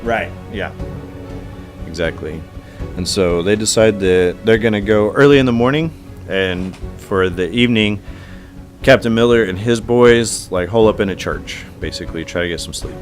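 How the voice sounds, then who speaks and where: A man's voice: on the low side, normal speed, faint music behind. A man co-hosting a casual podcast chat, retelling scenes in a laid-back way with lots of fillers. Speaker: podcast co-host.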